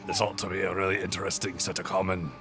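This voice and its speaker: A gruff demon warrior with a thick Scottish accent, put on by a man at a game table. His voice sits very low and rings hard and bright, gravelly in the throat. He speaks slowly and solemnly. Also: level tone, faint music behind. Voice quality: deep, gravelly, strained in the throat.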